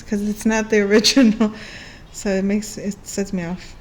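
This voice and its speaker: A woman's voice: medium pitch, moderate pace, faint music behind. Playful chatty woman reading astrology. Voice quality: playful, chatty, laughs often and sings along. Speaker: astrology reader. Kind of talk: casual tarot and astrology reading.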